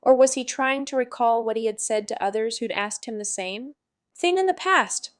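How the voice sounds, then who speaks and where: A woman narrating an audiobook in a measured, subdued way. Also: a little high, animated, no echo, clean studio sound. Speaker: audiobook reader.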